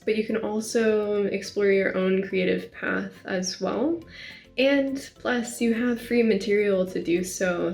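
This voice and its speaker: A woman's voice: medium pitch, creaky, a little mellow, roomy sound. A woman in her twenties from Northwest Arkansas, chatting casually to camera about herself as an artist, with plenty of "like" fillers. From Northwest Arkansas, USA. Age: 20s. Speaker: artist vlogger.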